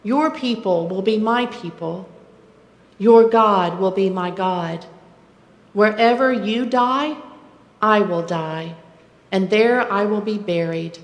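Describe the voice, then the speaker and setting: A woman reading as a loyal young widow pledging to stay, earnest and steadfast. The words come slow and deliberate. The sanctuary adds a long, roomy echo. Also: medium pitch. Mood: earnest, devoted. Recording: echoey church sanctuary.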